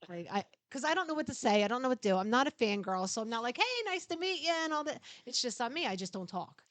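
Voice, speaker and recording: A middle-aged woman co-hosting a podcast, telling a long story in casual chat, animated, laughing often and swearing freely. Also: fairly high pitch, fast talker, no echo. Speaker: podcast co-host.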